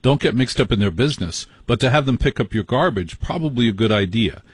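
A man's voice: medium pitch, animated, brisk, slightly rough, no room sound. A man hosting a late-night call-in radio show, telling stories in a blunt, indignant way.

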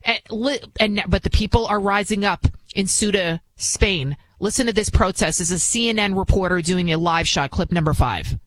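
A man's voice: high voice, normal speed, fairly bright tone, dry recording. A male radio talk show host delivering an indignant, repetitive monologue.

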